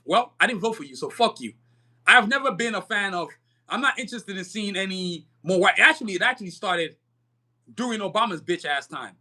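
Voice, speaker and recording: A man's voice: high voice, animated, fast, bright, forceful tone. Fiery, profane man ranting on his podcast. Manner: streetwise slang, keeps checking in with listeners. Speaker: podcast host. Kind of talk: live-stream podcast monologue.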